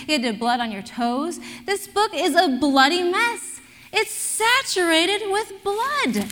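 A middle-aged woman pastor preaching a sermon, telling lively stories and drawing the congregation into call-and-response. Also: high-pitched, long reverb tail.

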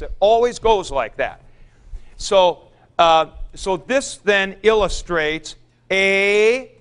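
A man lectures a classroom on Greek grammar at an unhurried pace. His voice sits a little high and comes through smooth and clear. He chants word forms aloud and stops to answer students. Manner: lively, chanting noun forms aloud, taking student questions.

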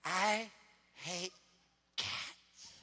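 A man voicing a little boy who growls low and threatening. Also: extremely slow, sharp tone, full character voice. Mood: menacing. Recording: long reverb of a large hall.

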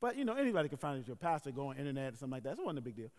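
A male pastor telling a story in a sermon, animated and acting out scenes with sound effects, in a large worship hall. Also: mid-range voice, racing. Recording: echoey hall.

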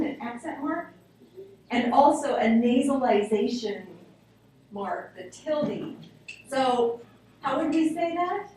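A woman with a high, slightly mellow voice teaches a linguistics class, explaining ideas, answering student questions and repeating examples aloud. There's a faint hiss or hum, and the recording sounds echoey, picked up from a distance in the classroom.

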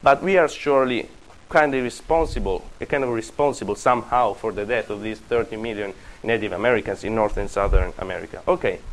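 A man's voice: fairly low pitch, rough recording. Man lecturing a class. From Italy. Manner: halting, with frequent restarts and fillers.

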